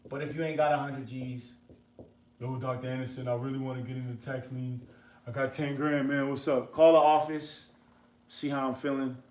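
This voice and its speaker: A man with a high voice leads a money seminar in a fiery, profane, exhorting style. The sound is roomy and echoey around him. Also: fairly bright tone. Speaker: seminar host. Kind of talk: impassioned motivational seminar talk.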